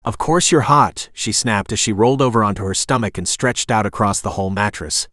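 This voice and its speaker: A synthetic male text-to-speech voice doing scripted audiobook narration, with an expressive reading. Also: fairly low pitch, fairly quick, no room sound, studio quality.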